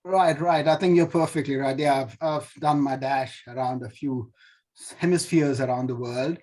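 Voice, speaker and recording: A man's voice: medium pitch, moderate pace, a little mellow. A man from India chatting on a video call in a playful, teasing manner. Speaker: club member. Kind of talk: casual chat on a video call.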